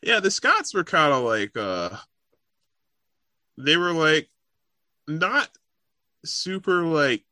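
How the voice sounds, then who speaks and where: An American man as a podcast guest, talking in a loose, profane way with lots of "like" and frequent laughs. His mid-pitched voice bounces around a lot. The sound is dry and close. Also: very animated, takes it slowly, pauses often, pushed and bright, dry recording. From Connecticut, USA. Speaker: podcast guest, game designer. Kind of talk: casual chat.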